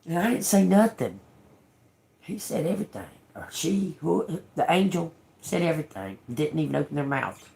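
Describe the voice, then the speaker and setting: A woman's voice: low voice, very animated, normal speed, gravelly, warm tone. A woman hosting a tarot livestream who tells a personal story casually. She talks frankly, swears a lot, repeats phrases and breaks into laughter often. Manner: drawling, repeats herself. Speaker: tarot reader livestream host.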